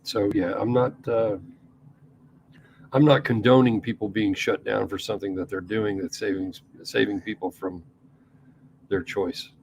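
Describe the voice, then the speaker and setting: A man's voice: fairly low pitch, fairly even intonation, measured pace, gravelly, pauses often, darkish tone, slight background noise, low-quality recording. A man with an East Coast accent co-hosting a podcast in a casual, rambling chat, full of restarts and the odd curse. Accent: East Coast American. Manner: rambling, with frequent restarts and profanity. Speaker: podcast co-host.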